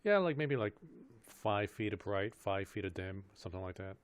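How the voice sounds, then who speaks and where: A man with a fairly low voice, talking through his moves in a tabletop game. He rambles casually and fills his speech with "like" and "uh". Now and then he rushes ahead in quick bursts. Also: lively intonation, smooth. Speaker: player.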